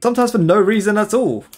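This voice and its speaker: A young British streamer from the UK, with a high-sitting, slightly rough voice, chats casually with his viewers while playing a game. He laughs often and answers their comments.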